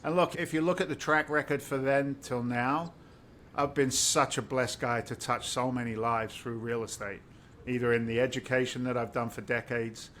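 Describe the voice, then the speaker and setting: A middle-aged man, originally from the UK, tells his story as a podcast guest. He speaks with emphatic, preacher-like conviction and a lot of feeling. A faint low rumble sits under the recording. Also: a bit bright. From United Kingdom. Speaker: guest, real estate investor.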